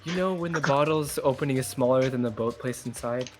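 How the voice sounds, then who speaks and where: A man's voice: medium pitch, a little fast, over loud music. Chatty man reading game dialogue. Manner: chatty, rambling, laughs a lot. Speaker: co-player. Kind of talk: reading game dialogue aloud, casual chat.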